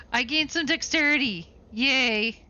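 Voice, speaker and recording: A playful woman plays through a game, reading its text aloud and laughing at her own moves. Her voice is bright and pointed. The recording is somewhat dull and lo-fi. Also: sits high, takes it slowly. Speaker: let's-play host. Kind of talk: game playthrough with read-aloud narration. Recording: dull lo-fi sound.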